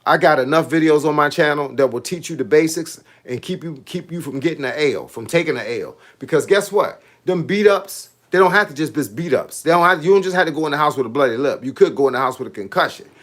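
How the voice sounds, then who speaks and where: Man in his fifties, boxing coach, livestream chat, fairly high voice, animated, slangy, preachy advice. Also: fast talker, few pauses. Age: 50s. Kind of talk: casual livestream chat reading comments.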